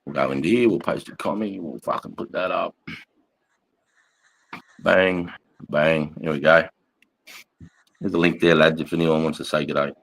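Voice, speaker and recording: A middle-aged man with a broad Australian accent and a very low voice, chatting loosely to viewers on a phone livestream. He swears constantly, laughs between lines and calls everyone mate and bro. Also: steady tone, unhurried, creaky, pauses often, a bit bright, rough recording. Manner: swearing, laughing, bloke slang, reading out comments. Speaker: livestream host, army veteran. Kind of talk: casual livestream chat.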